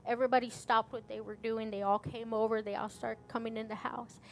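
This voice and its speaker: A woman pastor tells a personal story from the pulpit, earnest and plain-spoken. Her voice sits a little high for a woman. A faint hiss runs under her voice. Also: flat delivery, brisk, creaky. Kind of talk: sermon testimony storytelling.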